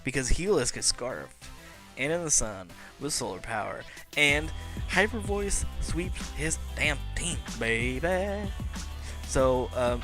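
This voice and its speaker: Brash, hyped man over loud music. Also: mid-range voice. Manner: brash, hyped-up and joking, with sudden shouts and beatboxing. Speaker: Pokémon league player and video commentator. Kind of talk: casual game commentary.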